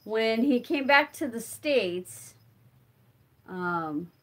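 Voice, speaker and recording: A chatty middle-aged woman hosting a relaxed livestream, answering viewer comments as she crafts. She talks at an unhurried pace and wanders off as she thinks aloud. Her voice sits a little high. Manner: chatty and rambling, thinks aloud with many fillers. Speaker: livestream host. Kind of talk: casual live chat answering viewer comments while crafting.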